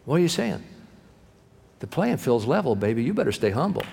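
A man preaching a sermon as pastor, animated, acting out the voices of people he quotes and swinging between loud and soft. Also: mid-range voice, brisk, gravelly, long reverb tail, very noisy.

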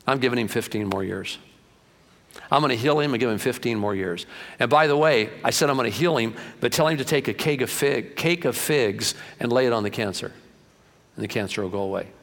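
A man preaching, voicing God as a calm male deity in a lower, softer voice, with long hall reverb. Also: fast, vocal fry. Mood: reassuring. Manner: low, soft and reassuring. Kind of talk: sermon.

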